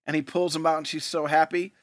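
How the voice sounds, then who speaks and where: A man's voice: a little high, little pitch movement, quick pace, no room sound, studio quality. A man co-hosting a podcast in laid-back casual chat, often calling people "man". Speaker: podcast co-host.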